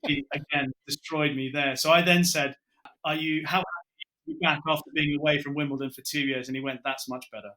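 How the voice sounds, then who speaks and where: A man's voice: on the high side, fairly quick. A middle-aged British broadcaster telling anecdotes in a casual podcast chat, acting out what he and others said. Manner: lively storyteller, acts out his own quotes. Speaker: broadcaster guest.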